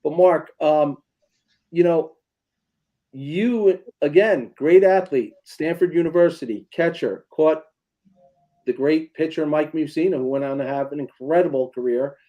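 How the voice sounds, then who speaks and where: A man's voice: on the high side, measured pace, lo-fi sound. A man hosting a talk radio interview, asking questions and telling emotional family stories in a rambling, casual way. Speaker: radio show host.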